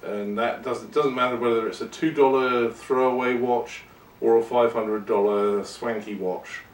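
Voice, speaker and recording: A man's voice: mid-range voice, steady tone, unhurried. Rambling man host, roomy distant sound. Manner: rambling and self-deprecating. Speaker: podcast host. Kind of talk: casual monologue.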